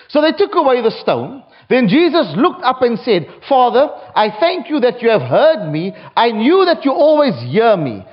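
A man preaching a sermon, reading scripture aloud with a dramatic delivery, from South Africa. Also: sits high. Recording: dull lo-fi recording.

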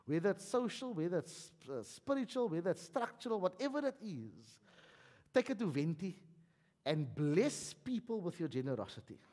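A South African man delivers a sermon, chatty and funny, in a fairly high voice. His pitch swings widely as he preaches. The voice rings with the long reverb of a hall. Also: moderate pace. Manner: animated, conversational preaching with humor. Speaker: pastor.

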